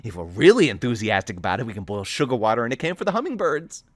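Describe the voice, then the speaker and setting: A man reading his own novel aloud in the first person, animated and excitable as he rambles on. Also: medium pitch, fast talker, no echo. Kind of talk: first-person story narration.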